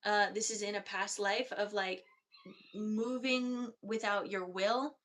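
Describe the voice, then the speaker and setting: A woman energy healer giving a slow, soft-spoken, meditative channeled reading. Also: mid-range voice, steady tone.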